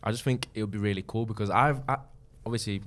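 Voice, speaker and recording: A man co-hosting a football podcast, rambling through an odd question and trailing off softly. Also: lowish voice, fast talker. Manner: rambling, tails off quietly at line ends. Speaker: podcast co-host. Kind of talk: casual chat.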